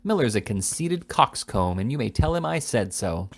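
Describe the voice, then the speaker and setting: A man voicing a deaf, crotchety old grandmother in an audiobook reading, speaking loudly and indignantly. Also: medium pitch, sing-song, moderate pace. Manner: loud, querulous and indignant.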